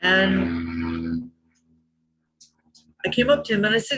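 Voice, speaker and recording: A woman in her fifties tells an anecdote as a podcast guest. She narrates with energy and slips into voices for the people she quotes. Her pitch sits in a middle range. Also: takes it slowly, pauses often, slightly rough. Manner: lively anecdote teller who acts out quotes. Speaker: interview guest. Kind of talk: storytelling in a podcast interview.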